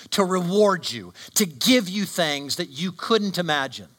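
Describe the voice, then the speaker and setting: A man's voice: a little high, expressive, unhurried, few pauses, a bit bright. A man preaching a sermon with emphatic delivery and frequent rhetorical questions. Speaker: pastor.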